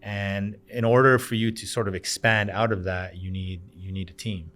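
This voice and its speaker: A man's voice: fairly low pitch, normal speed. A man in his thirties from Canada, a bar owner chatting as a podcast guest, telling stories and acting out the other people's voices. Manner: animated storyteller, acts out quoted voices. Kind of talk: casual chat.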